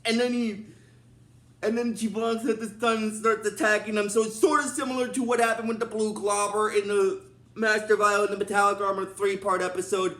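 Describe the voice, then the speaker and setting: A man with a high voice walks through a TV episode in a casual, rambling recap. He strings events together with frequent fillers and "and then". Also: steady tone, moderate pace, a bit bright. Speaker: show recap host.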